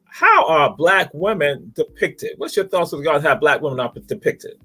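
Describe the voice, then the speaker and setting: A man's voice: a little high, lively intonation, moderate pace, pushed and bright, husky. A man hosting a talk show, speaking in a preacherly way and repeating phrases for emphasis. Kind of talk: spirited talk show monologue.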